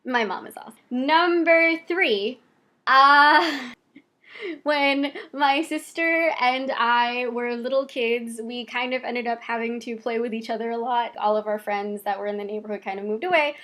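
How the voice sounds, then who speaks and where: A woman in her twenties, chatty and animated, telling personal stories to the camera with quick asides. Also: on the high side. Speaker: vlogger. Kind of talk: casual personal storytelling to camera.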